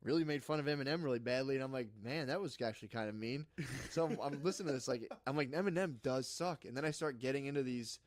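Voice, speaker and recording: A man's voice: mid-range voice, quick pace, no room sound, studio quality. A man telling long rambling stories in casual chat, cursing often and acting out what people said. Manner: rambling storyteller, swears a lot, acts out quotes. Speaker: podcast host.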